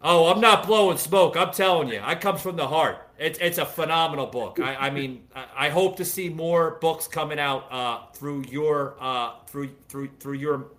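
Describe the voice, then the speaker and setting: A man's voice: fairly high pitch, moderate pace, hardly any pauses, fairly bright tone. A man hosting a podcast, talking casually and rambling with many fillers and restarts. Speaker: podcast host.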